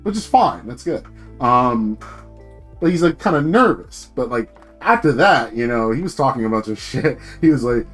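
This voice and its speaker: A man's voice: mid-range voice, lively intonation, moderate pace, fairly bright tone, faint music behind. A young man streaming, telling a long, profane story about his work in casual slang and acting out what other people said. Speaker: VTuber streamer.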